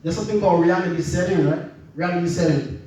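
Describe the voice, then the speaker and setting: A man's voice: high-pitched, quick pace, warm tone, heavy reverb, far from the mic, low-quality recording. A man from the Bahamas, preaching a sermon in a conversational way and often asking "right?".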